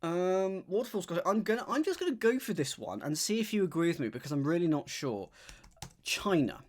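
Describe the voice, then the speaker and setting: A man solving a crossword on a live stream, thinking aloud, reading clues out slowly and chatting with his viewers. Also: sits high, big pitch swings.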